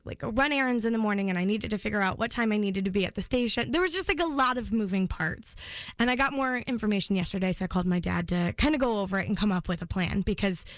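A woman, co-hosting a morning radio show, telling a story in a lively way with laughs and fillers. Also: medium pitch, no echo. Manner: animated storyteller, laughs often, many fillers. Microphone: studio microphone.

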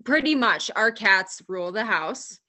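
A woman's voice: medium pitch, expressive, measured pace, a crowd in the background. A woman co-hosting a podcast in casual chat, easygoing and supportive with a wry touch. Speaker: podcast co-host.

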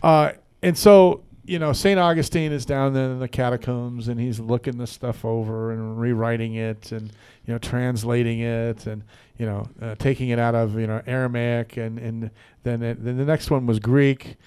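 Hosting a local talk show from a radio studio, this man tells a meandering joke packed with fillers and side remarks. His mid-range voice is smooth and a little mellow, with fairly even intonation, normal speed, and hardly any pauses, all in easygoing on-air banter.

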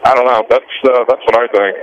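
A man's voice: mid-range voice, fairly even intonation, fast, highs cut off, a little hiss or hum. A man calling in to a radio show, talking casually and searching for his words. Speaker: caller. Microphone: phone line.

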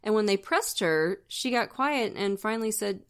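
A woman's voice: mid-range voice, animated, normal speed, smooth. A woman co-hosting a true-crime podcast, telling the story in a casual, chatty way with wry asides. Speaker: podcast co-host.

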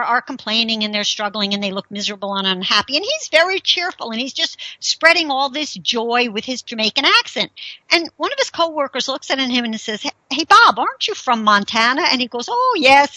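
A woman's voice: on the high side, bright, forceful tone, dry recording, rough recording. A middle-aged woman hosting her own radio talk show, chatting casually and asking incredulous rhetorical questions.

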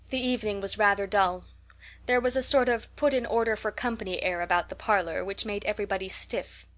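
A woman's voice: medium pitch, fairly bright tone. Woman narrating a classic novel steadily. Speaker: audiobook narrator. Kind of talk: scripted narration.

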